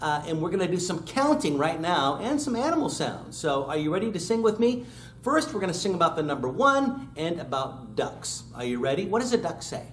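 A man's voice: on the high side, sing-song, fairly quick, slight background noise. A man teaching young children, singing and asking questions in an upbeat way over his guitar. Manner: upbeat, sings with guitar, asks kids questions. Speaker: children's music class teacher. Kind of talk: sing-along lesson for kids. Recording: roomy room with loud guitar. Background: acoustic guitar playing.

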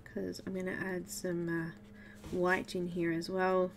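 An Australian woman leads a casual live colouring tutorial in a fairly low, monotone, unhurried voice. Chatty and giggly, she talks with viewers as she works, with slight hiss or hum in the background.

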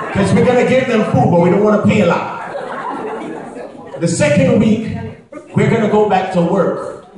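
A man with a Jamaican accent doing stand-up comedy, telling stories and acting out the voices of his friends. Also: high-pitched. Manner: storytelling with acted-out voices of friends. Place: banquet hall at a live event. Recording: echoey hall from far off with laughing crowd. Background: audience laughing.

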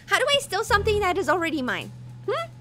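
A young woman narrating her game in a bubbly, theatrical way, acting offended for laughs. Her voice sits very high and swings around a lot. The tone is bright and clear. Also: big pitch swings, quick pace. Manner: bubbly, dramatic, mock-offended. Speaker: gaming channel host. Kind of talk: casual gaming commentary.

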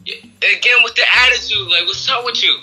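Bright-voiced, suspicious young man. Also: very high-pitched, fast talker, soft background music, low-quality recording. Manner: suspicious, wary, hesitant. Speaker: prank target on a call.

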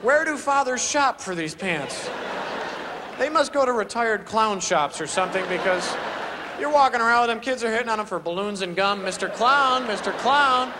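High-voiced young comedian on stage. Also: male voice, moderate pace. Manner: animated, acts out characters with voices and sound effects. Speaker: stand-up comedian. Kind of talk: stand-up routine. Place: large theater stage. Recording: live theater recording with crowd noise. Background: audience laughter.

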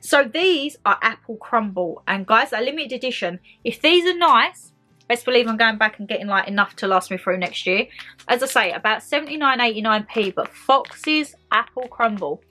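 A young British woman talks through a shopping haul for her viewers in a bright, slightly high voice. She is excitable and chatty and keeps calling her audience "guys". Faint background music plays under her voice. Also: moderate pace. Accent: British English. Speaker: vlogger. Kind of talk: casual shopping haul vlog.

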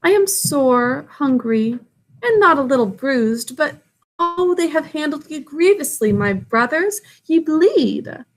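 A woman voicing an eager young boy raised in the jungle, speaking high and earnestly in a storybook reading. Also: expressive, slow pace. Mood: concerned.

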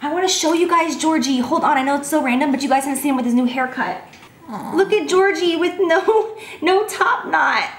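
A bubbly woman in her twenties answers fan questions in a casual chat, gushing and saying "like" constantly. Her voice is high-pitched and a little fast, recorded in an echoey room with slight hiss or hum.

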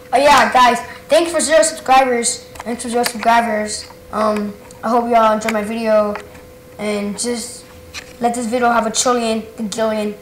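A young woman rambling casually over a driving game she is playing, excitable and swearing, yelling whenever something happens in the game. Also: fairly high pitch, slight background noise. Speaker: gaming channel host. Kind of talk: casual gameplay commentary. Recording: roomy with game music behind.

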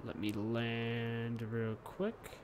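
A young man narrates his gameplay in a loose, goofy way and talks to his pet and his viewers. His voice sits in an ordinary middle range. Keyboard clicks and typing are clearly heard behind him. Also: medium pitch, monotone, very slow, background noise. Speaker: gaming YouTuber. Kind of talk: casual gameplay commentary.

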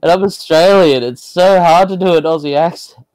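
A man's voice: on the high side, moderate pace, darkish tone, smooth, no room sound, low-quality recording. A man with a New Zealand accent, a player chatting casually at a tabletop game, laughing often and swearing.

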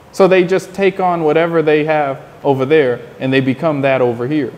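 A man's voice: fairly high pitch, fairly even intonation, normal speed, few pauses, darkish tone, big-room sound. A man from the United States, interviewed outdoors, talking in a passionate, preachy monologue that keeps repeating its points. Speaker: interview guest.

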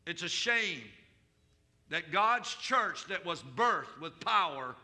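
Bright-voiced preacher man. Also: high-pitched, expressive, slow pace. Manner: preacher calling out to the congregation with questions; rises to shouted declarations in prayer. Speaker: pastor. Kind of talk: sermon. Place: church service.

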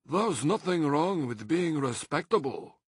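A gentle, respectable badger speaks mildly and with hesitation, as a man puts him on. His voice is husky and slow, with a storybook feel. The sound is dry and close. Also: on the high side, big pitch swings, no room sound, voice pushed up, full character voice. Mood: doubtful. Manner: mild, hesitant.

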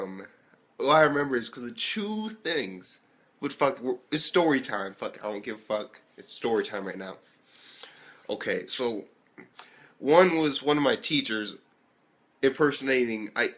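A young man from the US giving a casual anime review, telling stories animatedly and swearing constantly, jumping between loud outbursts and near-whispered asides. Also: mid-range voice, expressive, normal speed. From United States. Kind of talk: casual profane review rant.

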